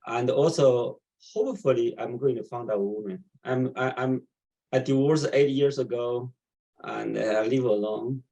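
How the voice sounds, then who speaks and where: Halting man in his sixties on a video call. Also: mid-range voice, gravelly, warm tone, husky, rough recording. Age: 60s. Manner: halting, repeats himself. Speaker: participant. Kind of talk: casual self-introduction.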